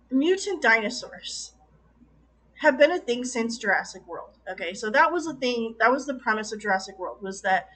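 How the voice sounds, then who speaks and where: Exasperated high-voiced woman reviewing a movie. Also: low-quality recording. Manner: exasperated, animated, quoting her own reactions with sudden swings. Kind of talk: casual review rant.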